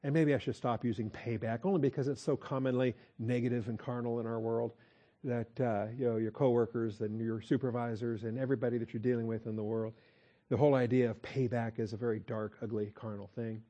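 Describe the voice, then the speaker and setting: Man, pastor, verse-by-verse Bible teaching, mellow warm tone, conversational, slow emphatic repeats. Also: medium pitch, steady tone, muffled recording. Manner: conversational, with frequent "okay?" check-ins and slow emphatic repeats.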